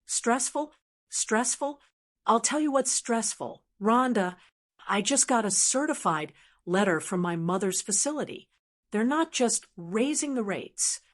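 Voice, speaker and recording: Shrill stammering daughter-in-law in a panic, put on by a woman reading a story; pitched well above the narrator. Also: expressive, a little slow. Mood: panicked. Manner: shrieking, pleading, stammering. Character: frantic desperate daughter-in-law, middle-aged woman.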